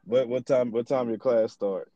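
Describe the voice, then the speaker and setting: A man's voice: mid-range voice, fairly even intonation, moderate pace, warm tone, no echo, dull audio. A young man hosting a podcast in casual chat, loose and profane, rambling through his stories. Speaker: podcast host.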